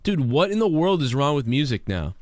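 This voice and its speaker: Loud-mouthed guy hosting a live stream, rambling and swearing, kinda high pitched, dry sound. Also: very animated, a little fast, no room sound. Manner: brash, profane, rambling. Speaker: livestream show host. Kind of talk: ranting live commentary.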